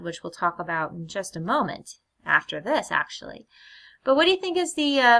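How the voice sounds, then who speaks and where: A woman teacher giving a recorded lecture in a clear, measured way, often putting questions to her students. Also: mid-range voice, sharp tone.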